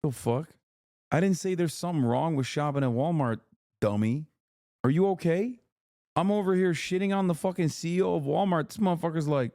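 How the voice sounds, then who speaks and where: A man's voice: high voice, lively intonation, moderate pace, no echo, studio quality. A man streaming, reacting to clips in casual commentary with a profane, exasperated rant.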